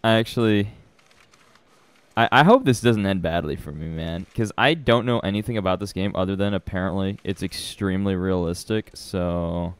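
A man's voice: low-pitched, moderate pace, clear, resonant tone, no room sound. A young adult man streaming a horror game, nervous and rambling, with frequent laughs and restarts. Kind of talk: live gameplay commentary.

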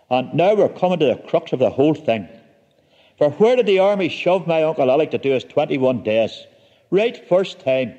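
A man's voice: a little high, dark tone, long reverb tail, lo-fi sound. A man telling a comic story with dry, wry humor.

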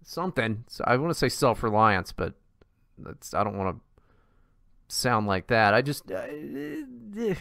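A man's voice: medium pitch, sing-song, measured pace, gravelly, a bit bright, no echo, clean studio sound. A man co-hosting a podcast, ranting in a profane, exasperated casual chat with many restarts. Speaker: podcast co-host.

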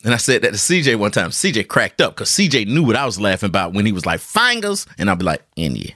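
A man's voice: on the low side, rapid-fire, no room sound, clean studio sound. A man hosting his own podcast, telling a casual, jokey story to his listeners. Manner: animated, jokey, repeats words, talks to listeners. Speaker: podcast host. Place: hot room at home with a ceiling fan.

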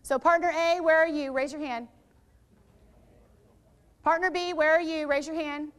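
High-voiced woman leading a teacher workshop. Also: unhurried. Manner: lively, quizzes audience with questions. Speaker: literacy workshop presenter. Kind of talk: interactive teacher training workshop. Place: training room with live audience.

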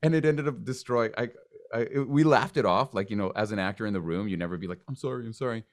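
Animated storytelling man, lowish voice. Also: fast talker. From Canada. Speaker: podcast host. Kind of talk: casual interview conversation.

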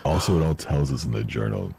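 Very deep, gravelly young man. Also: animated, fast talker, warm tone. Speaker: streamer playing with friends. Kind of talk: gaming voice chat.

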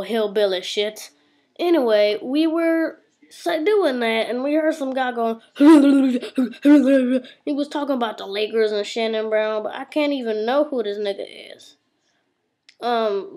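A woman's voice: a little high, vocal fry. Foul-mouthed boastful woman ranting. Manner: boastful, heavy cursing, rambling storytelling. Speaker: vlogger. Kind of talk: comic profane rant to camera. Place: indoor room.

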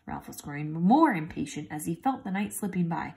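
Expressive woman reading a storybook. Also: on the low side, brisk, creaky, hardly any pauses. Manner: expressive, with sound effects. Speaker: reader. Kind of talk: storybook read-aloud.

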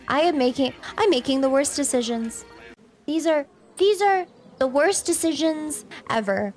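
A woman reacting out loud as she plays a game, exclaiming and making mock threats at the characters. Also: sits high. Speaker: let's play streamer. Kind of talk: reacting while playing a game.

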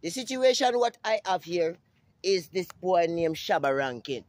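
A brash man with a Jamaican accent, ranting profanely in a casual vlog outdoors, repeating himself and breaking into sudden high-pitched calls. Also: very animated, moderate pace, dry recording. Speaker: vlogger. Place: outdoors in the sun.

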